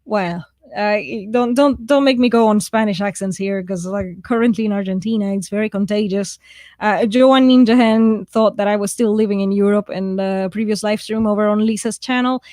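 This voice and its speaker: A woman hosts a live writing write-in, her medium-pitched, darkish voice fairly even in intonation and at a normal speed, with no room sound. She has a mixed, shifting accent and stays casual and self-deprecating, reading viewer comments out and laughing frequently.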